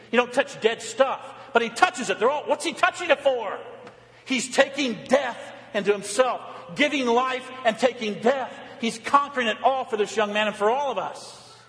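A pastor with a notably high voice preaches a sermon, animated and storytelling, lurching between loud exclamations and quiet, hushed asides. His voice rings out with the long reverb of a church hall. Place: church sanctuary.

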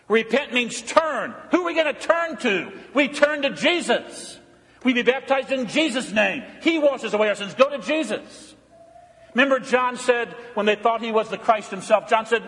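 A man preaching a sermon as pastor in a church, blunt and emphatic, swinging from loud calls to hushed pleading. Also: high-pitched, lively intonation, normal speed. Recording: church hall reverb.

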